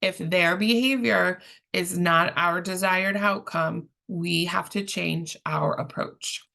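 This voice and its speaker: Calm woman trainer with vocal fry. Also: lowish voice. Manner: calm, measured, explanatory with frequent ums. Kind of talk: training presentation.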